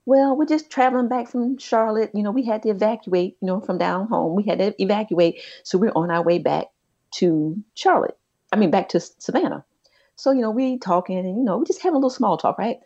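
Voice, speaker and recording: A woman, co-hosting a podcast and telling a personal story in a chatty, animated way. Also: medium pitch, brisk, muffled recording. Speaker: podcast co-host. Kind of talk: casual chat, storytelling.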